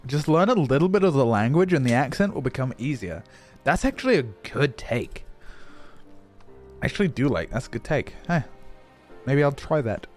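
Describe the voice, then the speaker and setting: A young man chatting casually on a livestream, laughing often, swearing and restarting his words. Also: mid-range voice. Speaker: streamer.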